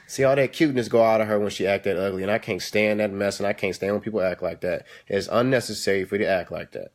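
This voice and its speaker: A man's voice: fairly low pitch, fast. A young man hosting a casual live stream from home, giving parenting advice and scolding his kids now and then. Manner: animated, stern with kids between advice. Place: home kitchen. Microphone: phone or webcam.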